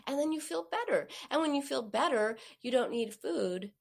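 A woman's voice: sits high, lively intonation, normal speed, vocal fry. A woman giving a coaching talk to an audience, acting out the quoted voices. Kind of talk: motivational talk on binge eating.

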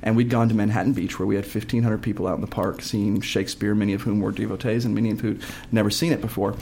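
A man's voice: lowish voice, a little mellow, slight background noise. A man hosting a casual conversation with actors and telling his own stage anecdotes. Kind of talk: casual chat.

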